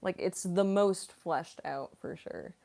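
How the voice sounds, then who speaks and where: A woman's voice: lowish voice, expressive, slow, gravelly, mellow. A young woman voice actress chatting casually on a livestream Q&A, rambling and using lots of fillers. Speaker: voice actress and streamer.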